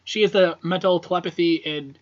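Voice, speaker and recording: A man co-hosts a casual horror film podcast, rambling with plenty of fillers and swearing freely. His voice is high, a little fast, with fairly even intonation. The podcast audio is dull and lo-fi.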